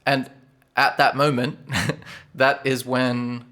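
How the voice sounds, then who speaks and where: A game master recaps scenes from a tabletop game in a bright, forceful voice pitched in an ordinary middle range. He speaks slowly and smoothly, keeping things loose and relaxed with lots of fillers.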